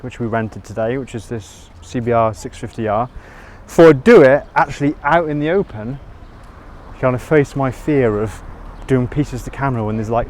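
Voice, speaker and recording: Man, vlogger, casual piece to camera, self-deprecating, chatty, medium pitch. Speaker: motorcycle vlogger.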